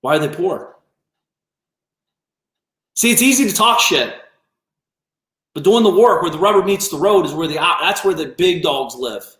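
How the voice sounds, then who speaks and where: A man hosts a business coaching livestream and lays into a commenter bluntly, swearing freely and daring him to prove his claims. His voice sits a bit high for a man. The sound carries a clear room echo. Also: expressive, normal speed, pauses often, fairly bright tone. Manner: blunt, profane, confrontational. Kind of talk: livestream rant. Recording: roomy echo.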